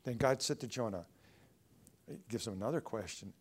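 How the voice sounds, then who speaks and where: A man preaching a sermon in a church, swinging between loud emphatic lines and hushed ones. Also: on the low side, big pitch swings, normal speed, breathy edge. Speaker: pastor.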